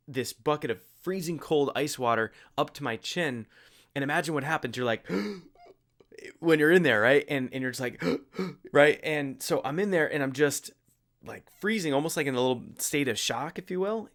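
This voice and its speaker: A young adult man telling a personal story in casual, animated speech, full of fillers and restarts. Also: mid-range voice. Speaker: host.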